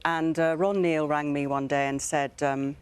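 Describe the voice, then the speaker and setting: A woman's voice: deep voice, normal speed, clear, resonant tone. A former newsreader, a woman telling self-deprecating stories as a studio guest in casual chat. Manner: self-deprecating, lively storyteller.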